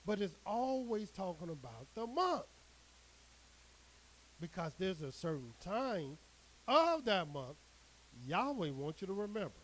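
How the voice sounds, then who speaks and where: Slow, deliberate male preacher reading scripture and pressing each point with emphasis. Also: sits high, sing-song, fairly bright tone, rough recording. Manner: emphatic, drawn-out preaching cadence.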